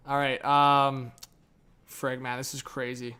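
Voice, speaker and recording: With a smooth, mid-range voice and flat, slow delivery, a man streams live reaction commentary. He talks to his viewers and his dog, veering between mumbles and shouts.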